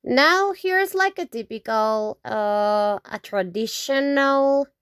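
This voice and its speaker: A woman from Mexico teaching vocabulary, saying each word slowly several times and checking in with "okay?". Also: on the high side, expressive, fairly bright tone, clean tone, no room sound, clean studio sound. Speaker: Spanish teacher. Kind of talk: slow, repetitive vocabulary lesson.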